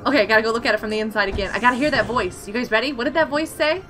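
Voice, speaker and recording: A young woman streaming gameplay, excitable and giggly as she exclaims over what she finds. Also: a little high, very fast. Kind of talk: live gameplay commentary. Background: game music.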